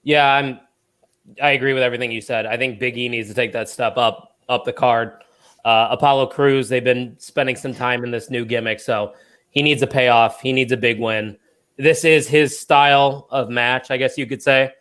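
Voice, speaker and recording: A man's voice: medium pitch, steady tone, normal speed, fairly bright tone, smooth. A man hosting a podcast, leading a casual, joking chat. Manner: joking, leads the discussion. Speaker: podcast host.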